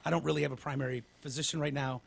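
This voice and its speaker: A man's voice: medium pitch, fairly even intonation, racing, vocal fry, slightly rough. A man hosting a casual podcast, telling long rambling stories with lots of swearing and restarts, winded as he recovers from pneumonia. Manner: rambling storyteller, swears freely, restarts often. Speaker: podcast host.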